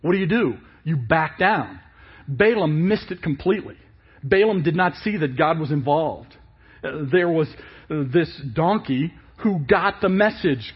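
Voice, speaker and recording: A male pastor preaching a sermon in an animated way, asking many rhetorical questions. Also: on the high side, a little slow, breathy edge, dull audio.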